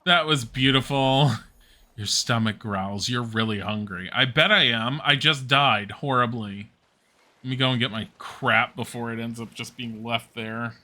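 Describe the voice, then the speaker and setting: A man streaming a game, thinking aloud in an unhurried, bright, forceful voice. He mutters to himself and swears and groans when things go wrong. The delivery is casual running commentary. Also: fairly low pitch.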